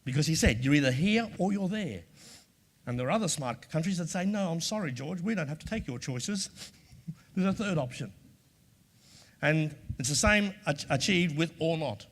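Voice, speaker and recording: An Australian man addresses a live audience in a large hall with a long, lingering reverb. His voice sits fairly high, and he speaks emphatically, returning again and again to key phrases and sometimes slipping into sample lines of dialogue. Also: animated, normal speed. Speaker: workshop presenter. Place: large room before an audience.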